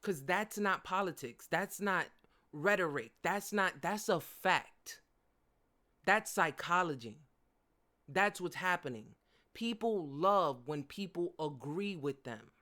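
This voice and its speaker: A young woman, hosting her podcast in casual solo commentary, animated and dry-humored, laughing often. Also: slow pace. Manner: animated, swinging from low mutters to loud outbursts. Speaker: podcast host.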